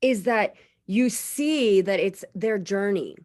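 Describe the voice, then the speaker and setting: A woman in her thirties co-hosting a casual podcast, telling stories in an animated way and acting out what people said. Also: mid-range voice, slow pace. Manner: animated storyteller, acts out quotes. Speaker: podcast co-host. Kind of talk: casual chat.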